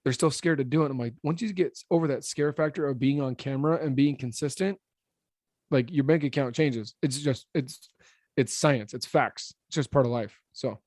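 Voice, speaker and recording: A man in his thirties who owns a roofing business, a podcast guest talking fast and blunt, slurring his words a little. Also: dry recording, clean studio sound. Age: 30s. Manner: blunt, animated, salesman-like pitching. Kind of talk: casual podcast interview.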